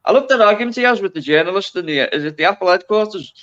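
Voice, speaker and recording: A man's voice: high voice, expressive, rapid-fire, a bit bright, lo-fi sound. A man from Liverpool with a Liverpool accent, co-hosting a casual chat and rambling with tag questions. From Liverpool, England. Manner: rambling, hesitant, lots of fillers and tag questions. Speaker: podcast co-host.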